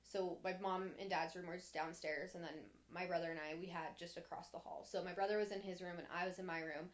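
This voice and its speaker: A woman's voice: on the low side, steady tone, fast talker. A young woman on a podcast, casually recounting her childhood in a candid, rambling way, full of "like" and restarts, sometimes voicing others in a sharper tone. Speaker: podcast co-host. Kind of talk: casual personal storytelling.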